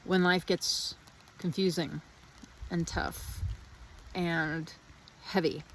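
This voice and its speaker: A woman's voice: lowish voice, fairly even intonation, drawn-out words, fairly bright tone, a little hiss or hum. A woman vlogging outdoors in the rain, musing in a meandering, reflective way with many restarts. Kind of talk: casual spiritual reflection.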